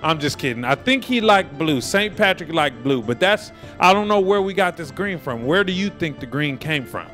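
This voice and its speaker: A man's voice: a little high, expressive, normal speed, hardly any pauses, fairly bright tone, soft background music. A man hosting a man-on-the-street interview, joking and teasing the people he stops outdoors.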